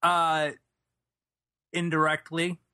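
A man playing a deadpan charity worker under questioning, giving short flat answers. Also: fairly high pitch, takes it slowly, smooth, no echo, clean studio sound, heavily acted. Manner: deadpan, terse yes-or-no answers. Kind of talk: improvised comedy role-play.

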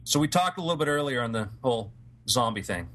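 Bright, joking podcast guy. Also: medium pitch, lively intonation, fast. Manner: jokey, riffing, breaks into silly voices. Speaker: podcast co-host. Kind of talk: casual comedic chat.

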